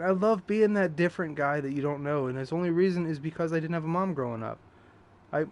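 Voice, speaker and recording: A young man streaming a game, rambling candidly and swearing freely as he tells stories. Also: a little high. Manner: rambling, profane, candid storytelling. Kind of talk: live gameplay commentary. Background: loud game music.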